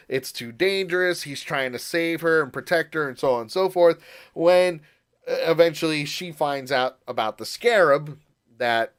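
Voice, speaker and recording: Animated higher-voiced man recapping a show. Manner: animated, laughing, puts on voices when quoting. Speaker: podcast co-host. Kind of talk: casual recap chat.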